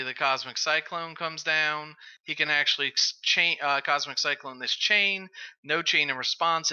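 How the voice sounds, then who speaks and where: A man casting a card game match, calling the plays in quick bursts that build to big moments. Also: fairly high pitch, bright, forceful tone, clear, resonant tone, highs cut off. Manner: rapid play-by-play, builds up to big calls. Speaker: esports caster. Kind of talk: excited game commentary.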